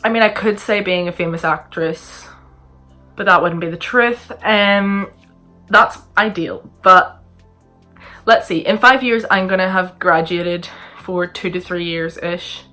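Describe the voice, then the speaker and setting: A young adult vlogger from Northern Ireland answers viewers' questions to camera, chatting in a rambling way and putting herself down. She speaks unhurriedly at a fairly low pitch, her tone steady yet pushed and bright. Music sounds faintly from another room.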